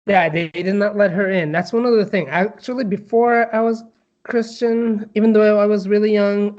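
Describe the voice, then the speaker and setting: Turkish-accented young man, halting testimony. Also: high-pitched, darkish tone, highs cut off. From Turkey. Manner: halting, many fillers and restarts. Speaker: guest. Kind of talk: personal testimony in interview.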